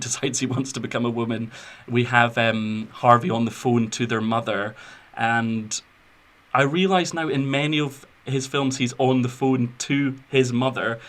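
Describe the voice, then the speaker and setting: A man's voice: mid-range voice, a bit bright. A man hosting a podcast, gushing about films in a rambling, casual way with lots of fillers. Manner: effusive, rambling with fillers and restarts. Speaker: podcast host. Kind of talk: casual film discussion.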